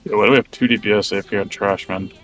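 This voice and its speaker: A man's voice: on the low side, steady tone, racing, fairly bright tone, faint music behind. A man in a gaming voice chat, grumbling and exasperated, swearing often. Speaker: raid teammate.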